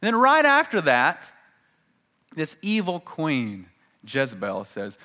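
A man preaching a sermon, telling a story with energy and acting out the lines he quotes, with rises and drops in pitch and loudness. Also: unhurried, long reverb tail. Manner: animated storytelling, acts out quotes with big jumps in pitch and volume. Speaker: pastor.

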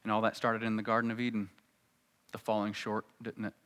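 A man preaching a sermon, dropping to a hushed low voice and then rising loud and high for emphasis. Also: completely flat delivery, brisk.

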